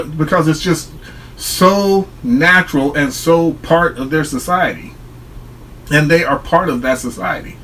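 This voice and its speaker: A man's voice: a little high, a bit bright, a little hiss or hum, low-quality recording. A man talking straight to his viewers in a solo vlog, explaining his view in an earnest, reflective way. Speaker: online commentator.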